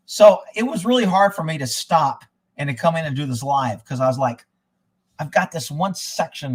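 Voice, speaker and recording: A man hosting a live stream, talking in a blunt, profane, rambling way from indoors at his rural home. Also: medium pitch. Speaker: livestream host. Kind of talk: casual rambling livestream talk.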